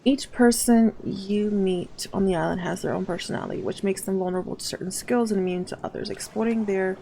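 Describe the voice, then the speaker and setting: Gravelly-voiced woman reading game text. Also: mid-range voice, brisk, mellow, slight background noise. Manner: reads on-screen game text aloud, breaking off into exasperated asides. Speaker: gaming channel host. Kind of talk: let's play commentary.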